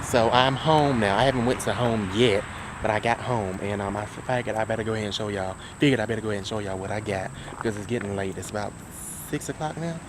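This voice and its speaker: A man's voice: on the low side, fast talker, noisy background. A young man from the American South, talking casually to camera for his vlog, rambling with lots of ums and restarts. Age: young adult. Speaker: vlogger. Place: outdoors by a highway near a car.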